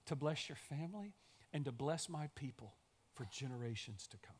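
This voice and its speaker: A man voicing God as a calm, patient deity who speaks quietly and reassures. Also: medium pitch, a little hiss or hum, close to an everyday voice. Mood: reassuring. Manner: quiet, gentle, unhurried reassurance.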